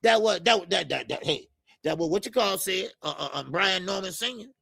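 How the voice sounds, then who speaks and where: Gravelly, high-voiced man hosting a boxing stream. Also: animated, moderate pace, fairly bright tone, dry recording. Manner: loose and profane, lots of filler stammers. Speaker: boxing show host. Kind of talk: casual live-stream chat reading comments.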